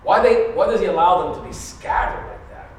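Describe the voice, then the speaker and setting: High-voiced man preaching in a very echoey hall. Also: a little fast. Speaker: pastor. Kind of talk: sermon. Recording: very echoey room, mic at a distance.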